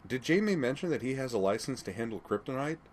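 A man's voice: medium pitch, very animated, fast talker, a little hiss or hum, voice pushed up, lightly acted. A man reading the lines of a wry, teasing young man.

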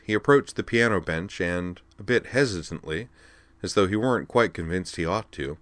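Deep-voiced man narrating a story. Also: fairly bright tone, dry recording. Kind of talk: audiobook narration.

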